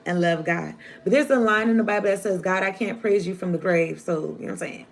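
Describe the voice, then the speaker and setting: A woman's voice: medium pitch, fast, vocal fry, hardly any pauses. A woman giving a casual, rambling tarot reading to her viewers, chatty and slangy. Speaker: tarot reader. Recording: noisy home recording.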